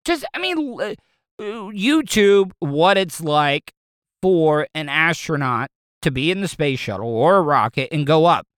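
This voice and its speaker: A man's voice: a little high, animated, a little slow, a bit bright, clean tone, no echo, clean studio sound. A man talking casually and at length, rambling and restarting his sentences often. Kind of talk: casual opinion talk.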